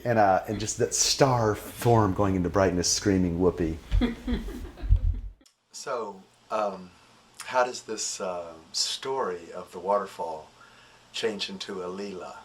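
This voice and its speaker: Man, low voice, personal storyteller, animated then hushed, faint ambient noise. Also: measured pace. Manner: animated, laughing, acts out voices when excited; soft, hushed and reflective. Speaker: devotee recounting a story.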